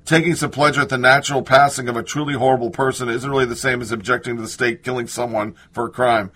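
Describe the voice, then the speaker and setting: A man's voice: mid-range voice, flat delivery, quick pace, bright, forceful tone, husky. A man reading news aloud and reacting to it with sarcastic, indignant asides. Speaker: political commentator.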